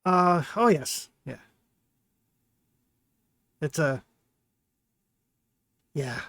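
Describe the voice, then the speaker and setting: A man's voice: a little high, lively intonation, a bit bright, dry recording, studio quality, exaggerated voice. A man doing Lovick, a hesitant dwarf guide. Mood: evasive. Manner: halting, hesitant, full of fillers. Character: wary young male dwarf guide, hesitant.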